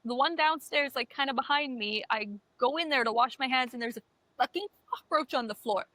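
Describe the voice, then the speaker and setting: Bright-voiced woman telling animated stories. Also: sits high, fairly quick, no echo. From Canada. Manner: animated storytelling, swears often. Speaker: podcast co-host. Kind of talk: casual chat.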